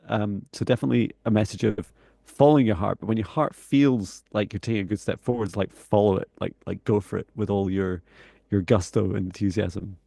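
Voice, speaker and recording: A man co-hosting a live stream, talking in a relaxed, chatty way with small laughs. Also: fairly low pitch, brisk, vocal fry, no echo, studio quality. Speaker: psychic mentor and co-host. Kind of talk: live-stream casual chat.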